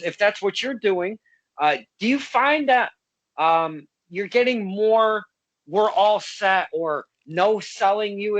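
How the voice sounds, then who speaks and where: High-voiced chummy podcast host, man. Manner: laughs often, relaxed and chummy, many uh fillers. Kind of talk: casual interview.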